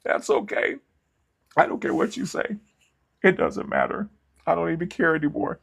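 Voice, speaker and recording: A man voicing a jealous, controlling woman who nags and accuses in a whiny, shrill voice. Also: very animated, normal speed, creaky, a bit bright, husky, full character voice. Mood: sulky.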